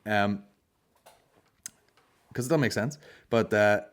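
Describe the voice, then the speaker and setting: A young man hosts a comedy podcast, telling stories in a casual chat full of swearing and sarcasm and acting out voices. He speaks slowly in a lowish voice.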